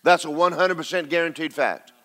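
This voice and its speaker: A man's voice: fairly high pitch, brisk, fairly bright tone. A male pastor preaching a sermon, emphatic and repeating lines for stress as he calls out to the congregation.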